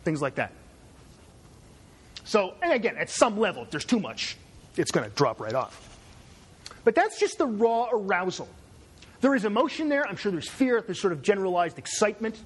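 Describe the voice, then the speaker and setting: A man's voice: high voice, sing-song, moderate pace, long pauses, slightly rough. A man from Canada giving a conversational university lecture, digressive and checking in with "right?".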